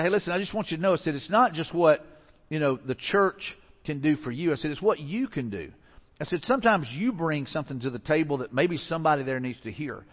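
A man's voice: on the high side, highs cut off. Conversational man preaching in echoey hall. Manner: conversational, storytelling with restarts. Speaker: pastor. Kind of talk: sermon. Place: church sanctuary.

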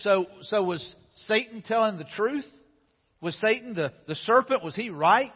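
A man's voice: high-pitched, animated, fairly quick, husky. A male pastor preaching a sermon in a conversational way, often repeating phrases, recorded in a church hall. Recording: dull sound with long hall reverb.

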